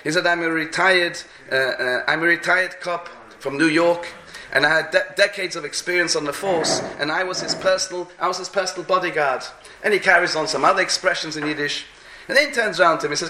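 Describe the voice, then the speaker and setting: A man's voice: fairly high pitch, fast, sharp tone, roomy sound, slight background noise. A man giving a sermon as a rabbi, telling stories and often repeating words as he searches for the next phrase, with Hebrew and Yiddish terms mixed into his speech. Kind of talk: sermon with storytelling.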